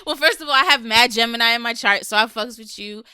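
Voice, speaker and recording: A woman's voice: a little high, fast, pushed and bright, clean tone. A woman in her thirties hosting a podcast, chatting candidly and swearing freely. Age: 30s. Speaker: podcast host. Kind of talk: casual chat.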